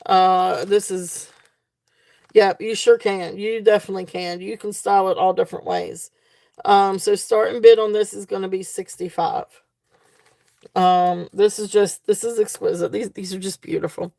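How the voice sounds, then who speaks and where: Her mid-range voice is steady, gravelly and mellow, at a moderate pace with no echo. Selling jewelry live in a relaxed way, she gushes about every piece, praising it again and again through ums and restarts.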